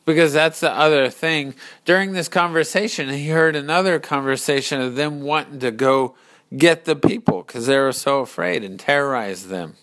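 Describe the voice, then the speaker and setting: A man telling a story slowly and deliberately, pausing to explain its lessons. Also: medium pitch, a bit bright. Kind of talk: storytelling narration.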